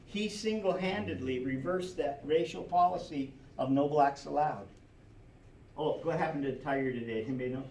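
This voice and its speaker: A history teacher's fairly high, darkish voice carries at normal speed across an echoey classroom, picked up from a distance with slight background noise. He lectures animatedly, posing rhetorical questions and adding little chuckling asides.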